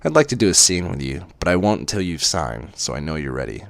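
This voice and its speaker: A man doing a controlling young man with a very deep voice who speaks softly, in a quiet and menacing way. His pitch moves about freely as he teases and gives orders. The sound is dry and close. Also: very animated, quick pace, gravelly, dry recording, heavily acted. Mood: commanding. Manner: soft-spoken, menacing.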